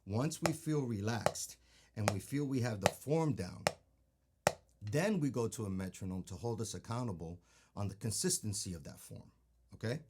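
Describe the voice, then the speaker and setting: Low-voiced male drum teacher. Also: normal speed, slight background noise. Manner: patient, repeats "okay?" to check understanding; counts beats aloud. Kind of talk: instructional demonstration. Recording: loud drumming and stick clicks behind voice.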